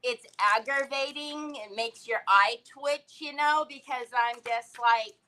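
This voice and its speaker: A woman's voice: on the high side, unhurried, pushed and bright. A woman hosting a crafting livestream, chatting casually and greeting viewers by name as she works.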